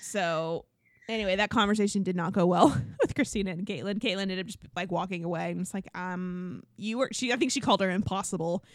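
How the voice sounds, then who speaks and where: A woman's voice: on the low side, fairly quick, no room sound, studio quality. A woman co-hosting a podcast, chatting casually and filling her talk with likes and ums. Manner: chatty, lots of likes and ums, acts out quotes. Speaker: podcast co-host. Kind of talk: casual chat recapping reality TV.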